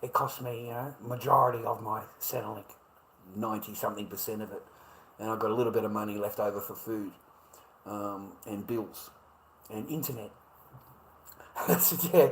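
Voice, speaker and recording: A man's voice: fairly low pitch, fairly even intonation, moderate pace, pauses often, fairly bright tone, a little hiss or hum, low-quality recording. A man with an Australian accent in a profane, repetitive monologue, stammering as he restarts his sentences. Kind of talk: ranting monologue.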